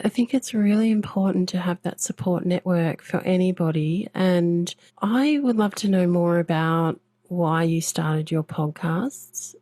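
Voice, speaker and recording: A woman hosting a podcast interview, asking questions and reflecting in a gentle way. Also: fairly low pitch, no echo. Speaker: podcast host. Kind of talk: interview conversation.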